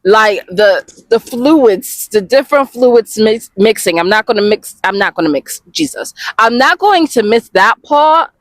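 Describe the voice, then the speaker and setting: Expressive woman chatting, dry close sound. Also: on the high side, measured pace, few pauses, no room sound. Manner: expressive, swears freely, addresses viewers as y'all. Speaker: webcomic reviewer. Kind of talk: casual reaction review.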